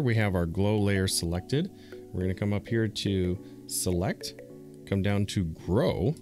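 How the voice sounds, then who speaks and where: A man calmly guiding viewers step by step through a software design tutorial, with easy fillers and small repeats. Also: lowish voice. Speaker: streamer teaching a design tutorial. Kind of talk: screen-recorded software tutorial.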